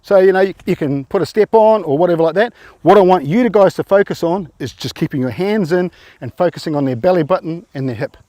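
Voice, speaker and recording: A man's voice: high-pitched, quick pace, hardly any pauses, warm tone, no room sound. A man coaching rugby players through tackle drills, informal and encouraging, often quizzing them.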